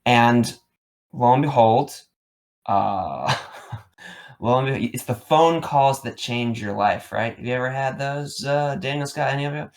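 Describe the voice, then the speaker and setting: A man's voice: medium pitch, unhurried. A man in his thirties telling a long personal story on a podcast, rambling, repeating words and leaning on fillers. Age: 30s. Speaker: podcast co-host. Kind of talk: casual storytelling chat.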